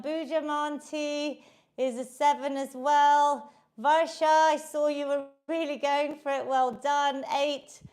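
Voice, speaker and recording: High-voiced, cheery fitness instructor. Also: female voice. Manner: upbeat and encouraging, counting down reps. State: slightly out of breath. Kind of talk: live online workout class instruction.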